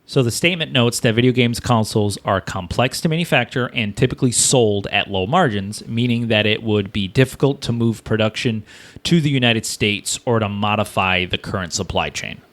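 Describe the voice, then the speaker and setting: A man's voice: on the low side, normal speed, fairly bright tone. A man co-hosting a casual podcast, reading news statements aloud between jokes. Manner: jokey, reads statements aloud. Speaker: podcast co-host.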